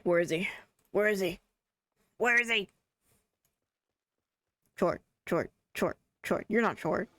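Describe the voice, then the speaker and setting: A streamer giving casual, excitable commentary while playing, chattering along and repeating a favourite name again and again. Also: medium pitch, slow pace, long pauses, no room sound.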